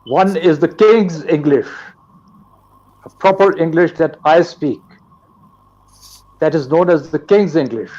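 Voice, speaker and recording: An older man from Pakistan lectures slowly and carefully, spacing out each phrase. His voice sits a bit high for a man and comes through dull, lo-fi live stream audio. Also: a little mellow. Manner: slow, deliberate, lecturing. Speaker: guest teacher. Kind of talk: live online English lesson.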